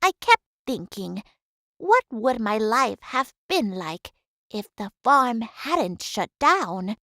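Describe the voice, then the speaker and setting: A humble, devoted housekeeper in a video game who talks reflectively and at length. Her voice is bright and fairly high with lots of movement. She speaks slowly. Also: sing-song, dry recording, studio quality, heavily acted. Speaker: housekeeper of a manor. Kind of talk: game voice acting.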